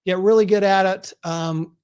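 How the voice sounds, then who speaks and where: A man with a high-pitched voice hosts his book launch live online. He talks earnestly and responds to viewer comments as they come in, heard through a video call setup. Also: steady tone, moderate pace, a little mellow, clean tone.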